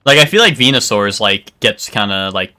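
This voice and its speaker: A man's voice: lowish voice, expressive, moderate pace, bright, forceful tone, dry recording, studio quality. Rambling young-sounding male streamer. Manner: rambling, hesitant, lots of fillers. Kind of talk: casual chat while gaming.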